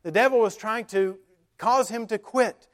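A man's voice: sits high, measured pace. A male pastor preaching a sermon, retelling scripture in plain everyday words with a conversational manner and frequent filler sounds.

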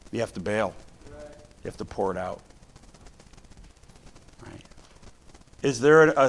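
A middle-aged man preaching a sermon, telling a story from his own life and slowing down to stress key lines. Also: mid-range voice. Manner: storytelling, varies loudness, slows for emphasis.

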